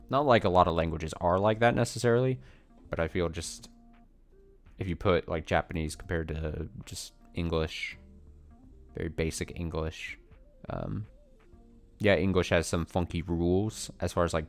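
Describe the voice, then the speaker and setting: Low-voiced man rambling on stream. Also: normal speed, pauses often. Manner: rambling, self-deprecating, chuckling, answers chat questions. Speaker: let's play streamer. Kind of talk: casual chat while playing a game. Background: faint game music.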